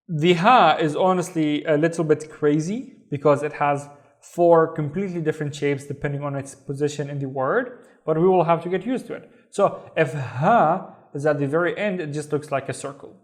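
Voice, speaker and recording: His voice on the high side, a man gives an online language lesson in a Saudi Arabic accent, taking his time and carefully repeating each word for pronunciation.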